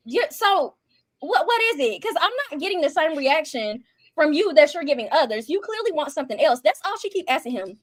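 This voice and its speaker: Brief: high-voiced woman reviewer, heated and profane, quick delivery. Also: sing-song, no room sound. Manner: fast, heated, profane, acts out quotes. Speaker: reality show reviewer. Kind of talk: casual ranting commentary.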